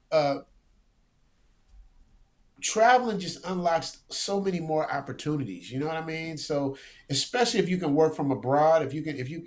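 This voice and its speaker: A man talking as a guest in a casual interview, animated and slangy, often repeating words as he goes. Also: fairly high pitch. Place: lives abroad, remote interview.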